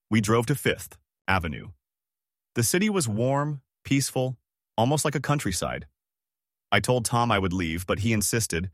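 A man's voice: fairly low pitch, lively intonation, normal speed, fairly bright tone, no echo. Male narrator for a chapter book, dry close sound. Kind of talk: storybook narration.

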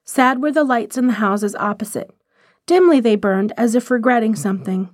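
A woman reading a short story aloud in measured, expressive scripted narration. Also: fairly high pitch, no room sound, studio quality.

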